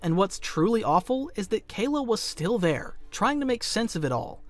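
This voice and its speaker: A man with a high, lively voice delivers scripted narration, leaning into every dark turn with grave drama. His pitch swings widely as he builds tension. Soft music plays faintly underneath. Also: normal speed. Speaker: commentary narrator.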